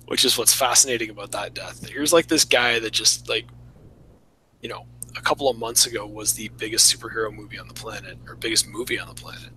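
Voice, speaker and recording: Bright-voiced, reflective man. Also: fairly low pitch, fast, slight background noise, poor audio. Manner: reflective, analytical, chuckling. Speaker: podcast co-host. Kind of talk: casual chat.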